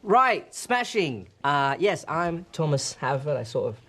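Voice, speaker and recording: A man's voice: a little high, big pitch swings, measured pace, bright, forceful tone, exaggerated voice. An actor playing a cocky young man who fakes a smug, showy British accent in a sitcom. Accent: put-on British. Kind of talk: sitcom acting.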